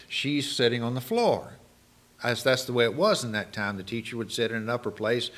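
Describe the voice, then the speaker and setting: A male preacher giving a sermon, animated and full of rhetorical questions to the congregation. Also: mid-range voice.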